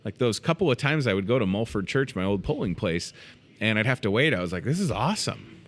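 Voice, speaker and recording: Bright-voiced, chatty male show host. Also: fairly low pitch, fast. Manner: chatty, excitable, joking asides. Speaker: store morning show host. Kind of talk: casual live show chat. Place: inside a grocery store.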